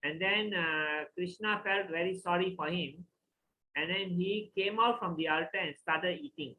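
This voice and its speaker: A man, teaching a class by telling a devotional story in a relaxed, conversational way. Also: high-pitched, measured pace, narrow, tinny audio, a little hiss or hum. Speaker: scripture teacher.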